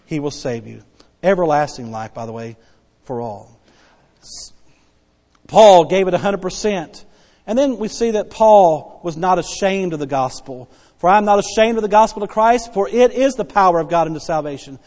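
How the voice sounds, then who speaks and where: A man preaching a sermon as pastor, emphatic and repetitive, dropping soft then rising loud to stress his points. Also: high-pitched, lively intonation, moderate pace. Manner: emphatic preaching, repeats key phrases, swings between soft and loud. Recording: long hall reverb.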